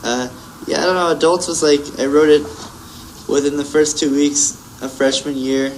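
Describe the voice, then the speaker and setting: A young man, a musician guest, telling a story in casual chat, rambling with many fillers and quick laughs. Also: fairly high pitch, fairly even intonation, a little hiss or hum, rough recording. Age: young adult.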